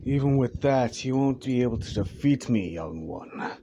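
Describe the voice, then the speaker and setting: A man's voice: medium pitch, expressive, moderate pace, dark tone, highs cut off, slight background noise, close to an everyday voice. A man voicing a smug older male supervillain who delivers mocking taunts.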